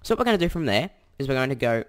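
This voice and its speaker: Young Australian male tutor, animated pitch, chatty, self-correcting, casual screen-recording delivery. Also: very fast. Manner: chatty and self-correcting, thinks aloud while typing. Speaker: tutorial host.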